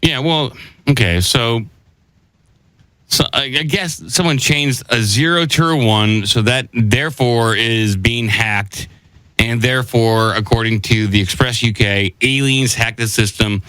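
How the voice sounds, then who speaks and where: A man's voice: medium pitch, unhurried, pushed and bright, clean tone, dry recording, low-quality recording. A man hosting a comedy podcast, chatting casually and poking skeptical fun at headlines. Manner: skeptical, joking, sometimes puts on a stiff robot voice. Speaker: podcast host.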